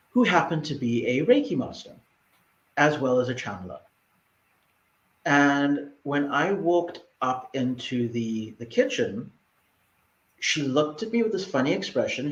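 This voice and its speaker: A man's voice: mid-range voice, a bit bright. Candid man telling a story in an echoey room. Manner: candid, with frequent restarts. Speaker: co-host. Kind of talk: personal storytelling. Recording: echoey, dull lo-fi room sound.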